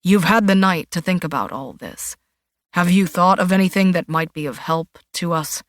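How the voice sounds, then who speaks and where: A woman voicing a steady male detective who asks measured questions in a lowered, firm voice. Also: no echo, studio quality, lightly acted. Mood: probing. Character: steady male detective, polite then sharp.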